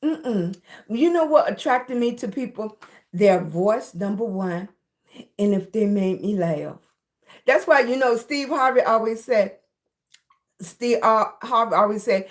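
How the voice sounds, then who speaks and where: A woman's voice: a little high, lively intonation, a little slow. A middle-aged woman from Virginia with a Southern accent, chatting casually on a livestream and greeting viewers by name. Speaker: livestream host.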